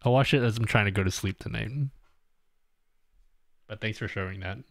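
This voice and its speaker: A man's voice: lowish voice, steady tone, normal speed, gravelly. Rambling Australian man on a livestream. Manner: rambling, self-interrupting with many fillers. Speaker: livestream host. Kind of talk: casual livestream chat with viewers. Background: faint music.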